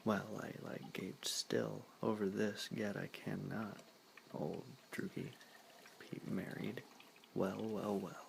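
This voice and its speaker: A man reading a novel chapter aloud as a whispered ASMR reading, in a soft, slow whisper. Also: lowish voice, flat delivery, creaky, slight background noise, rough recording. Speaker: reader.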